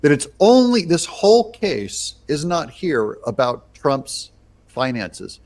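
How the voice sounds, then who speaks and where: A man delivering political reaction commentary at an ordinary pitch for a man. He argues with emphatic, indignant energy and keeps pressing his point.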